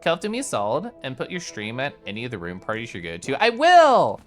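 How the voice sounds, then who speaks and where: Brief: excitable streamer, lively swooping voice, mumbles then bursts out, game music under it. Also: mid-range voice, quick pace. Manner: chatty, excitable, reads chat aloud; swings from mumbled to loud bursts. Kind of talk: casual gameplay commentary.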